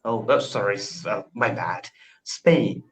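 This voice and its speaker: A man's voice: lowish voice, fairly bright tone, low-quality recording. A man in his twenties from India, chatting eagerly and modestly on a video call about learning languages, often restarting his sentences. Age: 20s. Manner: eager, self-deprecating, halting with restarts. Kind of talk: casual video call conversation.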